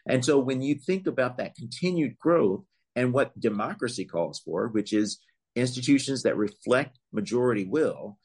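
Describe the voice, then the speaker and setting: A man giving long, measured answers as a legal expert in an interview, explaining points carefully with some fillers and emphatic rises. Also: mid-range voice, lively intonation, a little mellow, slightly rough. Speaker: voting rights legal expert, guest.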